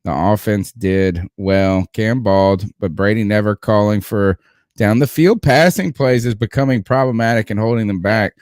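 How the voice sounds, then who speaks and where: Joking podcast host, dry sound. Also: male voice, fairly low pitch, normal speed, a little mellow, no room sound. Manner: joking, hyperbolic, rambling with fillers. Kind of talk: casual sports talk.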